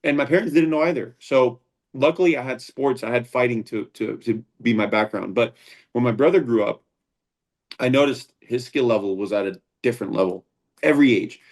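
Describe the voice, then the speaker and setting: A man's voice: medium pitch, brisk, a little mellow. A man, a founder and combat sports instructor, talking as a guest in a casual interview, earnest and rambling, with frequent restarts.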